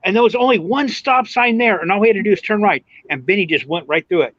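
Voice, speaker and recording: A man co-hosting a podcast, telling a story in an animated way and swearing freely. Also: sits high, fast, dry recording, highs cut off. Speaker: podcast co-host. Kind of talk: casual storytelling.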